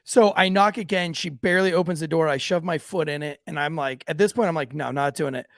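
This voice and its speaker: A man with a high, gravelly voice tells a story from patrol in a profane, lively way, slipping into the voices of the people in it. The studio sound is dry and close, with no room heard around him. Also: quick pace, dry recording. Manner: profane, animated, acts out quoted voices. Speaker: police officer and podcast host. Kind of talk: casual storytelling. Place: podcast studio.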